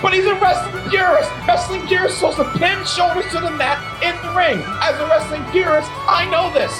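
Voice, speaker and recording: A woman's voice: extremely high pitch, fairly even intonation, a little fast, music in the background. A woman in heated wrestling banter, mocking and indignant.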